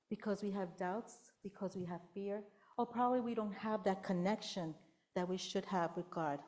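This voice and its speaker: Middle-aged lady preaching, tells the bible story like a storyteller, acts out the quotes, goes soft and whispery now and then. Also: mid-range voice, normal speed. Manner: storytelling with acted-out quotes, whispering to show how softly God speaks. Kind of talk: sermon.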